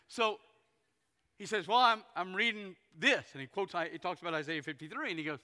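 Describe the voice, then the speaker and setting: Pastor preaching, high bright voice, big echoey church hall. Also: male voice, lively intonation, quick pace. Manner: folksy storytelling, acting out characters. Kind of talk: sermon. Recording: long hall reverb.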